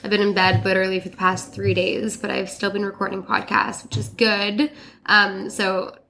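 A woman hosting a casual podcast chat, her voice stuffed up from a cold, chatty and quick with laughs and fillers. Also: mid-range voice, level tone, pushed and bright. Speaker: podcast host.

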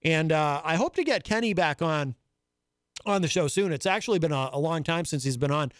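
A man's voice: on the high side, expressive, a little fast, dry recording. A man hosting a live radio talk show from a studio, chatting in a rambling, self-amused way on a studio microphone. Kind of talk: casual monologue.

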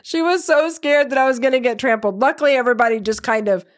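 A middle-aged woman co-hosts a podcast, her voice sitting high as she talks fast. She tells stories in casual, chatty conversation and laughs often.

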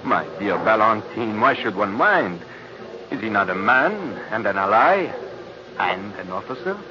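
An actor playing a gracious French artillery captain with a French accent in a 1940s radio drama, formal and philosophical. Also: male voice, on the low side, expressive, measured pace, background noise. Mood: courteous. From France. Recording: dull lo-fi old radio recording.

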